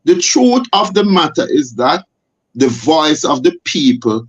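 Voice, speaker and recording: A man with a Jamaican accent speaks as a talk show guest, pressing his points with force and repeating himself for emphasis. His voice sits somewhat high for a man. The audio is dull and lo-fi. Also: very animated, a little slow, husky. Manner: forceful, repetitive, rhetorical questions. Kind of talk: impassioned talk show discussion.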